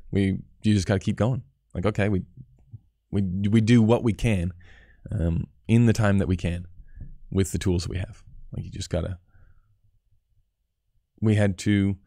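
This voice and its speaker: A man's voice: on the low side, dark tone, no echo, studio quality. A man in his thirties, a cinematographer, talking candidly and profanely on a live stream, answering chat questions and picking apart his own work. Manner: candid, profane, self-critical. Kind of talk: casual live-stream talk.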